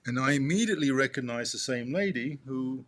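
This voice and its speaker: A man reading a memoir aloud to his father, halting with restarts and turning asides to the listener as "you". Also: medium pitch, lively intonation, a bit bright, dry recording.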